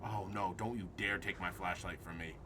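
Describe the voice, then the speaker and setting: A man's voice: deep voice, fairly even intonation, normal speed, pushed and bright, slight background noise. A man streaming a horror game live, jumpy and swearing at scares while chatting with his viewers.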